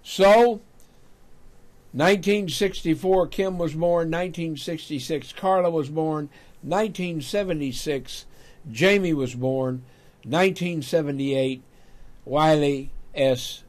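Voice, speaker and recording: An older man, hosting a talk show and telling a folksy personal story, growing animated when he quotes himself. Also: on the high side, slow pace. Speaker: radio talk show host. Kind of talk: storytelling monologue.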